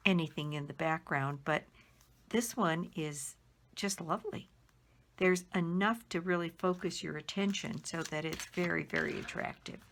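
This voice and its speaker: A middle-aged woman with a slightly low, gravelly voice takes her time, moving unhurriedly through a stack of handmade greeting cards. She admires each one and carefully spells out who made it, one letter at a time. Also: a bit bright. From Colorado. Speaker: card-making demonstrator. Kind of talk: casual show-and-tell of handmade cards.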